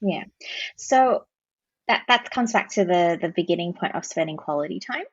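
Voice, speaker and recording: A woman guest on a podcast, a counsellor giving practical explanations with sample phrases. Her voice sits low and a little husky. The recording is dry and slightly dull. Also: expressive, moderate pace, no room sound. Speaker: parent-child counsellor, guest. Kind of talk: podcast interview answers.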